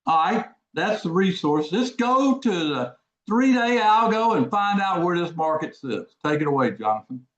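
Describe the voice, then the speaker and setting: A man's voice: high voice, expressive, normal speed, fairly bright tone. A man hosting a casual live trading webinar, folksy and repetitive, who quizzes his audience. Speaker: trading course host. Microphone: video call. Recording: echoey, dull lo-fi audio.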